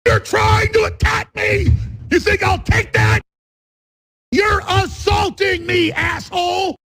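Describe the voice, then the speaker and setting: An unhinged game character who rants, threatens and swings between low mutters and shouts. The voice is gravelly and husky, with wildly lively pitch and slow, heavy delivery. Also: faint music behind, exaggerated voice. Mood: raging.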